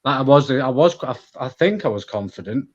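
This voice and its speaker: A man's voice: mid-range voice, expressive, fairly quick. A man in his thirties with a Manchester accent, a guest talking candidly on a podcast, with lots of restarts. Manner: candid, rambling, many restarts. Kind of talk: casual podcast conversation. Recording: slightly dull lo-fi audio.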